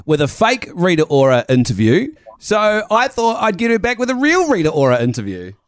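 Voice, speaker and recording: A man's voice: high voice, huge pitch swings, fairly quick, no echo. A man radio host in his thirties, teasing and upbeat while interviewing.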